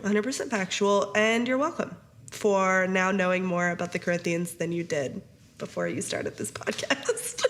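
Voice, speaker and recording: A woman in her thirties co-hosting a podcast, chatting casually and telling stories with lots of laughter. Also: medium pitch. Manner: giggly, animated storytelling with frequent laughter. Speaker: podcast co-host.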